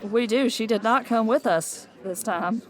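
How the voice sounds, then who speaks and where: A woman's voice: on the high side, a little slow. A woman chatting casually as a player in a tabletop game.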